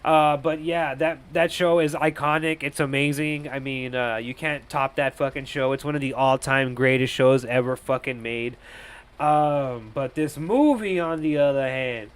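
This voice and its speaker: A man's voice: mid-range voice, little pitch movement, unhurried, fairly bright tone, clean tone. Crude, rambling young male movie reviewer. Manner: rambling, crude, laughs at his own jokes. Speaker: movie reviewer on a live stream. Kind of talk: casual, profane live-stream review.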